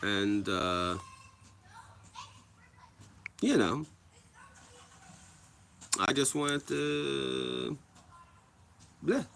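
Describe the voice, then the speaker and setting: A man in his thirties talks on a casual livestream at an unhurried pace. His voice sits in an ordinary middle pitch. He rambles, restarts his sentences and swears freely as he tells a story. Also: animated, creaky, a bit bright, a little hiss or hum. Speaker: livestream host.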